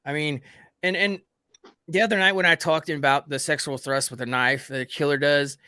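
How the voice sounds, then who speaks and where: Male streamer host, bright and slightly high voice, rambling chatty delivery, dry close mic. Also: steady tone, moderate pace, no room sound. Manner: rambling, keeps addressing viewers as guys. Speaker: livestream host. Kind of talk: casual group chat.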